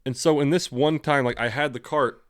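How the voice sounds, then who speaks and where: A steady-toned man with a mid-range voice, talking a little fast, co-hosts a podcast. He tells rambling stories casually, voices his inner thoughts, and swears freely, with clean, echo-free studio sound.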